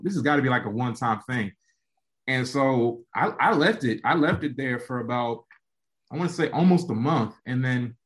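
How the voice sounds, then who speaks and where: A young man, a college football player, telling a casual story as a podcast guest and acting out quotes in an animated way. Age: young adult. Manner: animated, acts out quotes with jumps in pitch.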